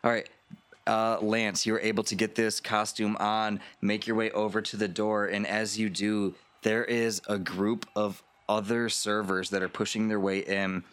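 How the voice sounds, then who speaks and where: A man's voice: lowish voice, flat delivery, unhurried, a bit bright, clean tone. A man narrating a tabletop game as game master, casual and loose.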